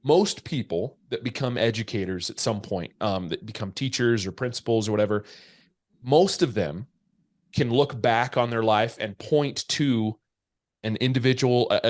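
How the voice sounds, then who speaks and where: A man hosting a podcast, reacting to his guest in a casual, rambling, enthusiastic way. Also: mid-range voice. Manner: enthusiastic, rambling with repeated words. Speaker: podcast host. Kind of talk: casual interview chat.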